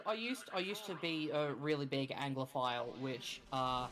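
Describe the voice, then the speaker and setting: A woman's voice: low-pitched, animated, measured pace. An Australian woman streaming a video game, chatting casually and swearing freely as she cheers on the player. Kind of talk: casual gameplay commentary. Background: game music.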